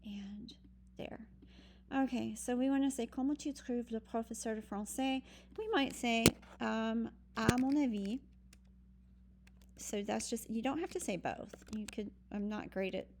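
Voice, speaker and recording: A woman's voice: on the high side, a little slow, vocal fry, a little mellow, a little hiss or hum. A woman teaching a recorded online French lesson, patient and explaining step by step with frequent ums. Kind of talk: recorded virtual lesson walkthrough.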